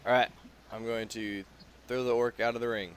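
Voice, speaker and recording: A man's voice: medium pitch, level tone, normal speed, clean tone. A young man playing a tabletop game, brash and joking, swearing at his rolls. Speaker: player.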